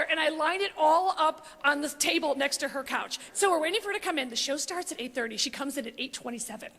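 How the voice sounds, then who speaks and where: A man's voice: very high voice, bright, forceful tone, big-room sound, heavily acted. A man doing a squealing gossipy comedienne. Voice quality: giddy, rapid, squealing. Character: brash gossipy female comedian telling backstage stories. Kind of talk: stand-up parody monologue.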